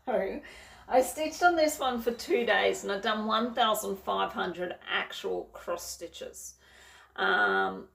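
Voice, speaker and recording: In a roomy recording made from a distance, a woman shows off her cross-stitch projects in a casual, rambling chat full of fillers and self-corrections. Her mid-range voice is gravelly and a bit bright, with a sing-song lilt and an unhurried pace.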